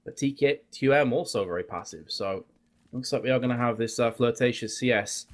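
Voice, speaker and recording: A man's voice: mid-range voice, brisk. A man giving color commentary on an esports match with dry, teasing banter. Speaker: esports analyst.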